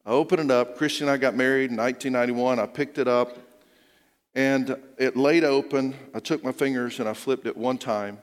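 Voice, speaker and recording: A middle-aged man preaching a sermon as a pastor, telling stories with hushed quoted lines and rising urgency. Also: mid-range voice, fairly even intonation, a little fast. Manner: storytelling, dropping to a hushed voice for quoted lines and rising when urging. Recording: long reverb of a large hall.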